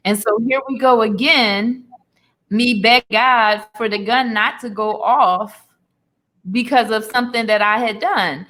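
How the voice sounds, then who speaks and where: A woman in her forties speaks as an interview guest, telling her life story with earnest emotion and talk of faith. Her voice is bright and forceful, sitting a little high. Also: unhurried. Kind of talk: candid personal testimony.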